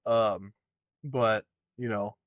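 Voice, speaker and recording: A man's voice: fairly low pitch, fairly even intonation, very slow, no echo, muffled recording. A man co-hosting a fight podcast in casual chat, loose and profane, rambling through his takes. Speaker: podcast co-host.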